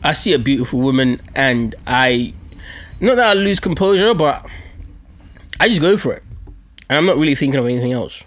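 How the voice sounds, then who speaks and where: Male host, mid-pitched, animated, profane storyteller. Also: fairly quick, long pauses. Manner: animated, profane, laughing at himself. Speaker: podcast host. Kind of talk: casual storytelling.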